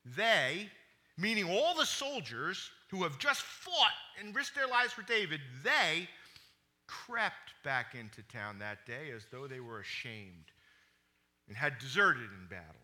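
Lively, bright-voiced male preacher. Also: fairly high pitch, slow pace. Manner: animated storytelling, dropping quiet on somber points. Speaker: pastor. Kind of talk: sermon.

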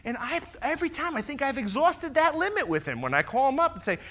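Preaching with a very high voice, this middle-aged man is a pastor and a fire lieutenant who talks fast and gets very animated. He fills the sermon with personal stories, voices what others said, and moves from loud to quiet.

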